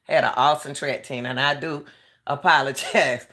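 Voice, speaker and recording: A woman's voice: a bass voice, steady tone, normal speed, fairly bright tone. A middle-aged woman, a retired track coach, hosting live commentary. She speaks with a harsh coaching edge, impassioned and repeating herself to her viewers.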